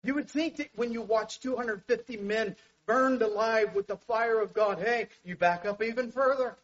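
A man preaching a sermon with passion, dropping to a hush and then rising to loud exclamations. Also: high voice, normal speed. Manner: impassioned, swings from hushed to loud exclamations. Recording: dull lo-fi sound.

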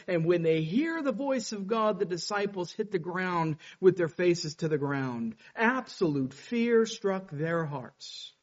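A man with a high voice preaches a sermon. He builds his delivery up as he reads scripture quotes. The recording sounds dull and lo-fi. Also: lively intonation, unhurried, few pauses.

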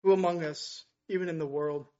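A man's voice: fairly high pitch, steady tone, a little fast, warm tone, muffled recording. A male pastor preaching a sermon, rising to urgent, emphatic passages. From United States.

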